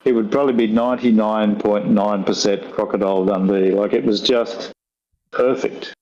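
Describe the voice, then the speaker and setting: A man's voice: lowish voice, fairly even intonation, fairly quick, mellow, dull audio. An older man from Australia with a broad rural Australian accent, telling rambling stories with dry humour in a casual chat. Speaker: guest.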